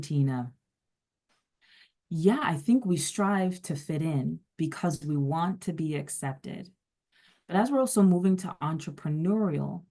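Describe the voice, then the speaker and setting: A woman's voice: on the low side, darkish tone. A woman facilitating a workplace workshop, conversational, putting questions to participants. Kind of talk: workshop lecture.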